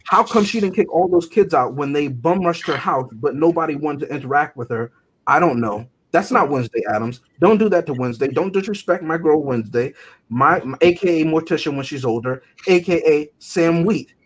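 A man co-hosting a podcast in casual chat, animated and joking with exaggerated outbursts. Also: fairly high pitch, fairly quick, husky. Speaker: podcast co-host.

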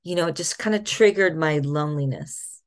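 A middle-aged woman telling a personal faith story as a podcast guest, soft-spoken with thoughtful pauses. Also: sits low.

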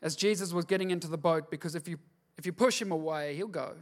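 Male pastor with a high-set voice, sermon delivery, hushed asides building into forceful repeated refrains. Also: quick pace. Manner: shifts from hushed, intimate asides to loud, driving preaching; repeats words for emphasis.

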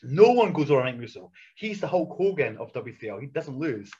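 A man in his thirties, a professional wrestler, telling anecdotes in a casual interview, animated and blunt with frequent laughter. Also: medium pitch, a little fast, slightly rough. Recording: dull lo-fi recording.

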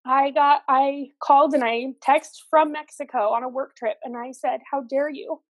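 A woman's voice: high voice, steady tone, moderate pace, no room sound. A middle-aged woman telling her personal story as a podcast guest, earnest and emphatic, repeating phrases for stress.

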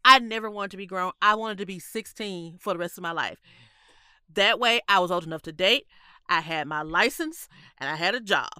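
A woman in her thirties, congested and stuffy-nosed, chatting casually as a podcast co-host with lively storytelling and frequent laughs. Her voice is bright, smooth and clear, close and dry with no room sound. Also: lowish voice, normal speed, no room sound. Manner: laughs often, animated storytelling. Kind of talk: casual chat.

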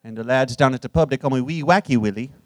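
A man's voice: mid-range voice, fast talker, no echo, close to an everyday voice. A man playing a jovial, boastful old Irish poet with an Irish accent, on a live comedy stage, swinging between cheeky bragging and ponderous recitation. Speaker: guest. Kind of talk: live comedic character performance.

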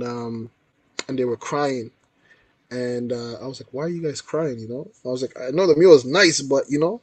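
A man's voice: medium pitch, no echo. Young guy telling stories in an interview, lots of "yo" and "like", dry sound. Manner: animated storyteller, slangy with frequent "yo" and "like". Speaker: guest artist. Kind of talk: casual storytelling interview.

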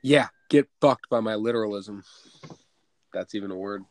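A man's voice: fairly low pitch, normal speed, no echo. Podcast host, man in his twenties, teasing and mock-outraged, dry close mic. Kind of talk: casual banter.

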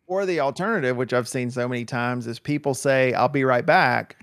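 A man with a gravelly, fry-heavy voice at an ordinary pitch. He co-hosts a casual chat, rambling and emphatic, piling up "like" and restarting his sentences. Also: brisk, a bit bright. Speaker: podcast co-host.

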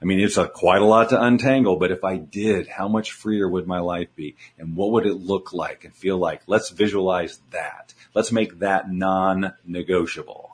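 A man's voice: low-pitched, moderate pace, hardly any pauses. A man, a guest coach in an interview, explaining his ideas earnestly and repeating key words for emphasis. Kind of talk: conversational interview.

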